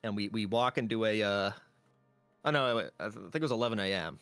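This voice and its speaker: A man's voice: fairly low pitch, fairly quick, a bit bright, dry recording, soft background music. A man, a tabletop game player, casually recapping a session in a rambling way with lots of fillers.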